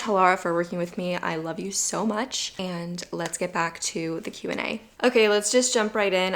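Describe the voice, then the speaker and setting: A woman's voice: medium pitch, fairly bright tone. Young woman, casual vlog Q&A, bubbly and gushing, chatty filler words, slightly out of breath, talking at home. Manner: bubbly, gushing, frequent "like" and "super". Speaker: YouTube creator.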